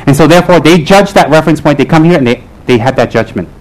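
A man with a fairly high voice gives a humorous dharma talk as a Buddhist teacher. He teases his listeners with rhetorical questions. He slows and lowers his voice when he presses a point. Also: expressive, poor audio. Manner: wry, teasing, with rhetorical questions.

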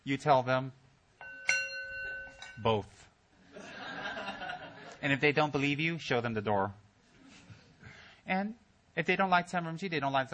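A man's voice: fairly high pitch, measured pace, pauses often, fairly bright tone. Joking man giving a Dharma talk. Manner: joking, teasing, acts out mock voices. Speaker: Buddhist teacher.

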